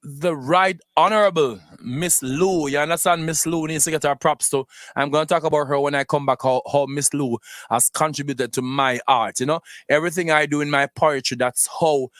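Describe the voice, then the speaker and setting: A man's voice: a little high, steady tone, normal speed, hardly any pauses, a bit bright, no room sound. A man with a Jamaican accent hosting a radio show, talking casually with many fillers and restarts.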